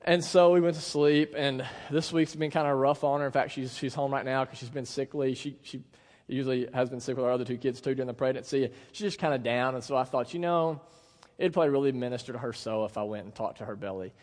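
A man in his thirties, a pastor preaching a sermon in a church, telling stories in a relaxed, conversational, self-deprecating way. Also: mid-range voice, fast. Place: church sanctuary. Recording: long hall reverb.

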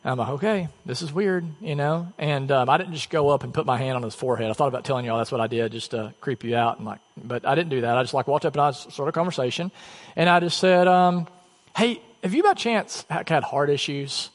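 Conversational pastor in a reverberant church. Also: male voice, medium pitch, quick pace. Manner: conversational, self-deprecating storytelling. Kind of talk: sermon. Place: church sanctuary.

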